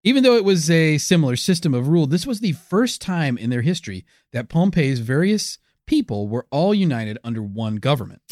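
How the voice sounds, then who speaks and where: Wry man with a bright, lively voice. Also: a little high, brisk, few pauses, no echo, clean studio sound. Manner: jokey, wry storytelling with teasing asides. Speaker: podcast co-host. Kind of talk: comedic history podcast.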